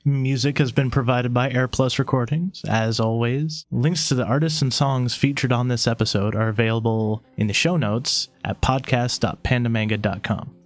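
A man's voice: medium pitch, fairly even intonation, moderate pace, hardly any pauses, no echo. A man joining a casual podcast, agreeable and easygoing.

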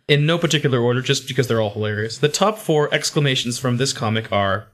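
A man's voice: medium pitch, expressive, fast, a bit bright. A man hosting a casual podcast chat about comics, laughing often and acting out quoted lines. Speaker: podcast host.

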